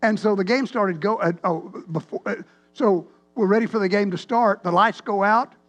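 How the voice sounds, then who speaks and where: A man, a pastor telling a rambling, animated story in a sermon. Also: sits high, normal speed, soft background music. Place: church sanctuary.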